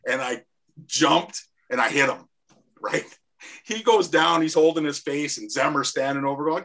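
Older man telling hockey stories, husky and bright. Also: on the high side, moderate pace. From Canada. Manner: rambling anecdotes with laughs, acts out quoted voices. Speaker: guest, former hockey player. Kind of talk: casual storytelling.

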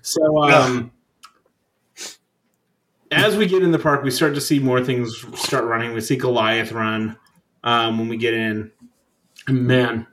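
Casting note: young male podcast host, mid-pitched, loose and rambling, swears casually. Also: slow pace, long pauses, fairly bright tone, a little hiss or hum, poor audio. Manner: rambling, profane, laid-back storytelling with frequent fillers. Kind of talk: casual chat.

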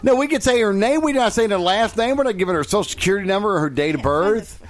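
A man's voice: high voice, quick pace, crowd noise. A man co-hosting a podcast, chatting casually and joking with friends. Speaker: podcast co-host. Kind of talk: casual chat.

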